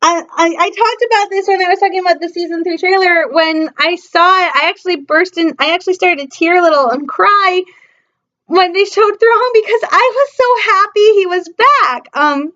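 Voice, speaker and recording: A young woman from Michigan rambles excitedly through a casual fan review. She fills her talk with hesitations and breaks into happy squeals. Her voice sits high, and the audio is dull and lo-fi. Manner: excitable, gushing, many fillers, bursts into squeals. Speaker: fan vlogger.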